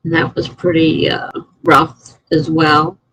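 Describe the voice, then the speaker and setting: A woman's voice: sits low, flat delivery, slow pace, a bit bright, slight background noise, low-quality recording. A middle-aged woman chatting casually on a live stream, answering chat messages and laughing often.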